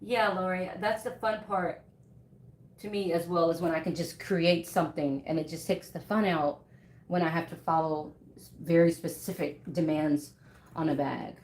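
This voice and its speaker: A woman's voice: on the low side, moderate pace, darkish tone. A woman in her thirties chatting casually with viewers while she sews at home, laughing often and talking to them by name. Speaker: bag maker live-streaming while sewing. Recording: echoey room.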